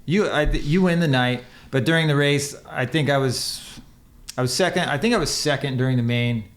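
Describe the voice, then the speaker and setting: A man's voice: medium pitch, a little fast. A man who is a podcast guest and former motocross racer, telling a long, rambling, profane story in casual chat and acting out the quotes.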